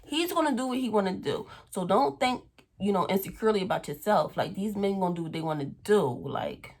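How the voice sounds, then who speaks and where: A woman's voice: medium pitch, expressive, a little fast. A young adult woman telling a personal story in a casual vlog, blunt and full of swearing. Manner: blunt, profane, chatty storytelling. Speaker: vlogger.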